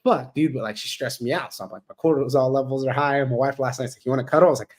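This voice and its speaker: A man rattling along quickly as a podcast guest. He talks in a blunt, animated way, swears freely, and slips into the voices of others as he retells conversations. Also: mid-range voice. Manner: heavy swearing, blunt and animated, acts out quoted exchanges.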